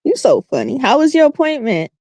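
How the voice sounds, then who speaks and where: A woman's voice: high voice, very animated, a little fast, dark tone, no room sound. A woman chatting casually on a live stream, making dry, sarcastic quips.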